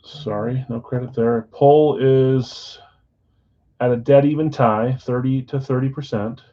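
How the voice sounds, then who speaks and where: A man with a mid-pitched voice hosts a live sports card stream. He chats casually and reads out viewer comments. The audio is a little muffled and lo-fi. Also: unhurried. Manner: chatty, counts down excitedly, reads viewer chat. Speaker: live card break host. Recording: slightly dull lo-fi stream audio.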